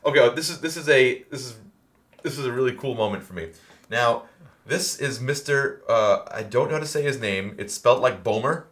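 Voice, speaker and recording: A man with an American accent hosting a podcast, chatting casually with lots of fillers and bursts of excited laughter. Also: mid-range voice, a little fast. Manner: animated, laughing storyteller, many fillers. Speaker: podcast host. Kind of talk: casual chat.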